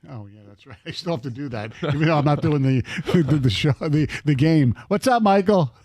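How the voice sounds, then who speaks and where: A man co-hosts on the radio and trades jokes with the others. His voice moves up and down in a lively way and sits a bit high, and the sound is dry and close. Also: brisk, no room sound. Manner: joking, teasing. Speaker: radio co-host. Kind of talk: casual radio banter. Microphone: studio microphone.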